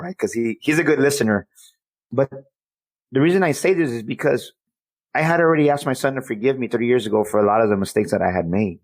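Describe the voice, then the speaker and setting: A man's voice: mid-range voice, fast talker, dry recording. A man hosting an interview in casual chat, earnest and rambling, laughing easily as he shares. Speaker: host.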